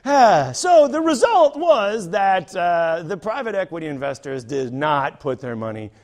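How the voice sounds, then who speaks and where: A male stand-up comedian telling a story on a theater stage, animated and acting out the people in it. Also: sits high, unhurried. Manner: animated, acts out characters.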